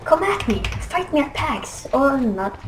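Young woman yelling at other players in a video game, highish voice, slow talker, faint hiss behind. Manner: frustrated, trash-talking, excitable outbursts. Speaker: gaming commentator. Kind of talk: gameplay commentary.

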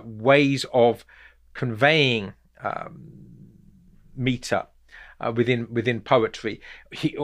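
A man hosting a talk on poetry, explaining unscripted and thinking aloud with many repeated words. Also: mid-range voice.

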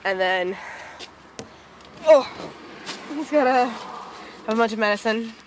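A young woman talks in a high, bright register in a casual vlog. She chats to the camera and coaxes her dog along in an easygoing way. Faint noise sits under her voice. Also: lively intonation, slow. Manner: chatty, coaxing pet talk. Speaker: dog owner filming her pet. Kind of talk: casual home video vlog.

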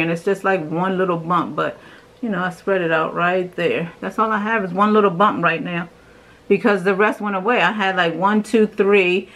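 Doing her morning skincare at home, a young adult beauty vlogger talks through each step in a chatty, enthusiastic way for a casual demo. Her voice sits at medium pitch with a fairly bright tone, on a rough recording.

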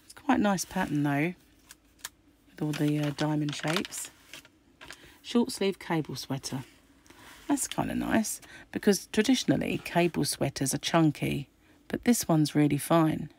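Croaky low-voiced woman chatting. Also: expressive, measured pace, long pauses, a little mellow, slight background noise. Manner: chatty, musing aloud while flicking through pages. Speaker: craft channel host. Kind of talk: casual magazine unboxing chat.

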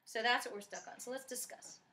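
Woman host, upbeat and jokey, bright high voice. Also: a little hiss or hum. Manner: excitable, quick to joke and put on voices. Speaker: show host. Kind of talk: playful casual chat.

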